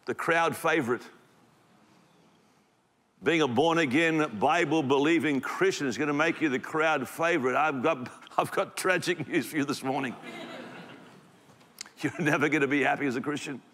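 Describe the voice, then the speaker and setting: A man's voice: fairly high pitch, fairly bright tone. A man preaching a sermon in a church, in an emphatic, conversational way. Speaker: pastor. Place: church auditorium. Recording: echoey hall reverb.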